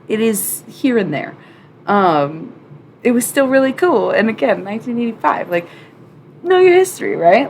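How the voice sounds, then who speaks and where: A young woman reading oracle cards on a live stream, chatting casually with viewers, swearing freely and breaking into loud bursts of excitement. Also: mid-range voice, a little hiss or hum. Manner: chatty, profane, full of "like" fillers.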